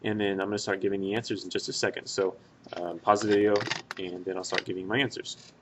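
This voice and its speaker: A man's voice: low voice, little pitch movement, fast, noisy background. A young man teaches a grammar lesson over a screen recording. He talks it through methodically, pointing at each example in turn. His tone stays plain and easygoing. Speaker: Spanish teacher.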